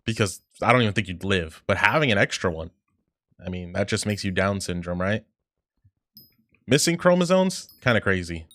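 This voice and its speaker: A man's voice: low-pitched, a little fast, sharp tone, dry recording. A man livestreaming while gaming, chatting casually, reading chat aloud and reacting in a rambling, profane way.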